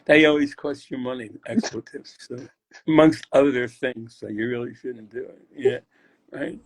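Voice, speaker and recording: An older man, a guest poet, chatting casually about poetry in a rambling, halting way as he searches aloud. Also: medium pitch. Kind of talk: casual chat explaining poetry.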